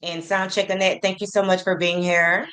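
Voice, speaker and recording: A woman hosting a casual livestream, greeting her chat by name and reading messages aloud slowly. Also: mid-range voice, little pitch movement, fairly bright tone. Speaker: livestream host.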